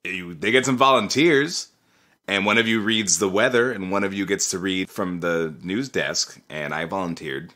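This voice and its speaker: A young adult man co-hosting a podcast in casual chat, jokey and self-deprecating with quick asides. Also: low voice, pushed and bright. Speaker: podcast co-host.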